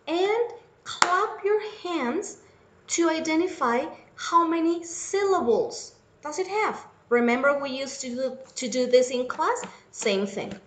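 A woman teacher giving a recorded English lesson for children, speaking slowly and clearly and repeating each word for her pupils. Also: sits high. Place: at home. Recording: echoey room.

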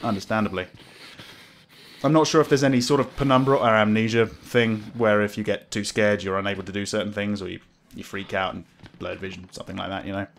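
A man's voice: on the low side, fairly even intonation, fairly quick, creaky, slight background noise. A man commentating a horror game as he plays, jumpy, swearing, laughing nervously. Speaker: gamer playing a horror game. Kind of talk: let's play commentary.

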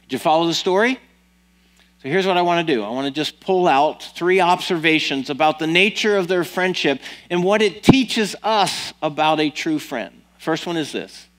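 Male pastor, sermon delivery, conversational storyteller with a slightly high voice. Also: normal speed, poor audio. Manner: storytelling with casual asides. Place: church.

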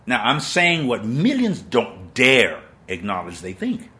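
A man's voice: mid-range voice, wildly swooping pitch, measured pace, few pauses, sharp tone. A man in his sixties preaching a sermon on a live stream, emphatic and dramatic, with plays on words. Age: 60s.

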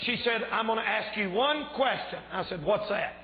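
A man preaching a fervent revival sermon in a church, shouting at times, his voice a little strained. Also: high-pitched, normal speed. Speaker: pastor. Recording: echoey church hall, tinny phone-like sound.

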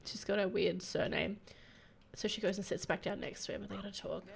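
Her voice is mid-range and creaky, fairly quick, with fairly even intonation, as this young woman casually comments on a let's play. She's giggly and easily touched, gushing over sweet scenes with faint game music in the background.

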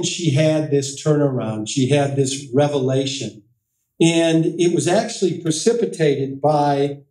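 A man's voice: on the high side, mellow. A middle-aged man giving an author's talk at a library, telling anecdotes with self-deprecating humor and quoted voices. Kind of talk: storytelling talk to an audience. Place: library meeting room. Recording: echoey room, distant mic.

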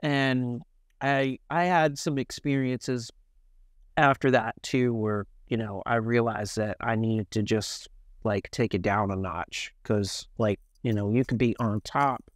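A man's voice: mid-range voice, slow, dry recording, studio quality. Candid storytelling man from Memphis. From Memphis, Tennessee, US. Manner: lively, profane, self-mocking anecdotes. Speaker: guest musician.

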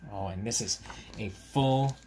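A man, a teacher, reading a picture book aloud to children at home on camera, in a gentle, chatty way, stopping to point out the pictures. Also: on the low side, a little slow, noisy background.

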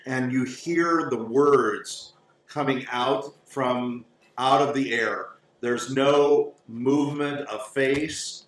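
A man narrating a tabletop game as game master in a casual, halting way with many fillers. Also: medium pitch, fairly bright tone. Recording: roomy, distant mic, faint noise.

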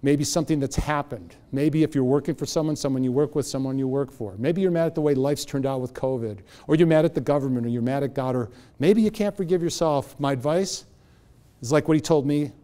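A man's voice: mid-range voice, a little fast. A man in his fifties giving a live motivational talk, telling stories with energy and quizzing the audience. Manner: animated storytelling, quizzing the audience. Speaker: motivational speaker.

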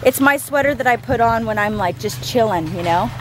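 A woman's voice: a little high, lively intonation, a little fast, slight background noise. A woman in her thirties chatting casually to camera as a family vlogger, rambling and calling viewers "guys". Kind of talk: casual vlog chat to camera.

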